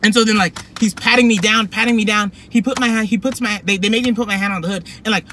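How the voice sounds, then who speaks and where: A young man telling a personal story to camera in a rambling, animated way, full of fillers and restarts. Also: high-pitched, fast talker, a little hiss or hum. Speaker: vlogger. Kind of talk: casual storytelling.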